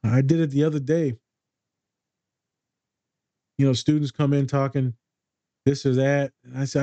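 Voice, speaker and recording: A man's voice: medium pitch, little pitch movement, measured pace, long pauses, warm tone, no echo, dull audio. A man talking in a casual podcast chat as a therapist, blunt and streetwise, swearing freely.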